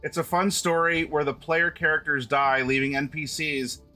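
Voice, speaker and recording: A man hosts a live stream, talking casually and directly to his viewers, often restarting mid-sentence. His voice sits high and sounds bright and forceful. Faint music plays behind him. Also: steady tone, moderate pace. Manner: chatty, restarts often, addresses chat directly. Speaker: streamer host.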